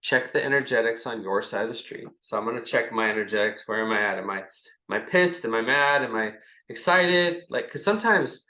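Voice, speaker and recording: A man with a medium-pitched, expressive voice speaks fairly quickly and with a sharp edge. He's a podcast guest chatting casually and rambling, acting out snippets of dialogue between himself and his partner. The room is echoey.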